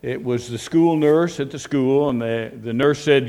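A man's voice: medium pitch, a little slow, few pauses, warm tone. Folksy male pastor preaching. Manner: folksy storytelling with tag questions. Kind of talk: sermon.

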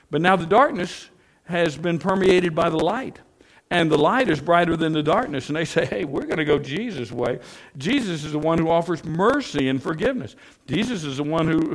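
A man preaching a sermon, telling stories earnestly, with his emphasis rising and then dropping. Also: on the high side.

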